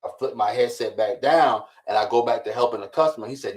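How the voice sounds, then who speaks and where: In a casual podcast chat, a co-host in his thirties talks fast in a medium-pitched voice. He tells his story with animation, acting out the quoted dialogue and frequently tossing in "right?"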